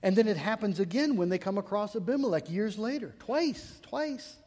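High-voiced man preaching in a hall. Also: lively intonation, fast, darkish tone. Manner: earnest, storytelling with self-deprecating humor. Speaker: pastor. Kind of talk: sermon.

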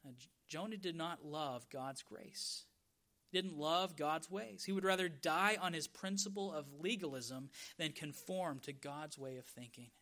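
A man preaching a sermon as pastor, stressing key words by drawing them out slowly. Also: a little high, sharp tone.

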